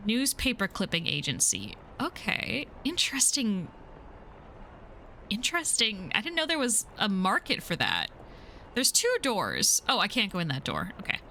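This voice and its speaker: Bright-voiced woman joking through a game. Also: mid-range voice, huge pitch swings, normal speed, slight background noise. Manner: chatty, joking, curse-laden. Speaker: game streamer. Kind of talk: casual let's-play commentary.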